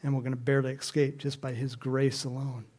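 A preacher delivering an animated sermon, swinging between hushed and loud passages. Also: medium pitch, a little fast.

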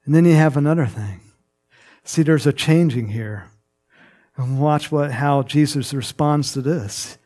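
A man preaching a sermon in a slow, conversational way, laughing and putting on playful mock voices. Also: on the high side, dark tone.

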